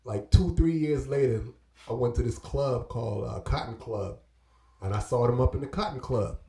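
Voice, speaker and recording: A man's voice: medium pitch, normal speed, mellow, roomy sound. Laid-back man with a Caribbean accent. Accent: Belizean-Caribbean. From Belize and New York. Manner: laid-back street slang, acts out quoted dialogue. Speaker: guest. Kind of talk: casual storytelling.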